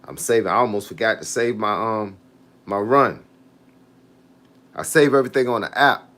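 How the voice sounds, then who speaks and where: A man's voice: fairly low pitch, lively intonation, normal speed, fairly bright tone. A fitness coach chatting casually on a live stream, often starting with "hey, look" and answering his viewers' comments. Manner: laid-back, repeats "hey, look" and reads out viewer comments. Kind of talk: casual livestream chat with viewers.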